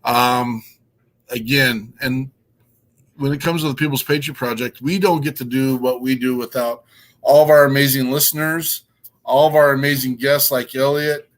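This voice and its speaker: A man's voice: mid-range voice, steady tone, moderate pace. Guy hosting a show, all fired up, rambles with lots of ums. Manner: enthusiastic, rambling with many fillers. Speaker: podcast host.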